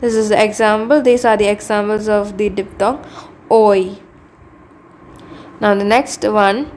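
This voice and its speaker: A woman with an Indian English accent teaching pronunciation, saying example words slowly and repeating them, with many fillers. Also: medium pitch, steady tone, darkish tone. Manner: slow, deliberate, repeats each word, many fillers. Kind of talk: slow phonetics lesson with example words.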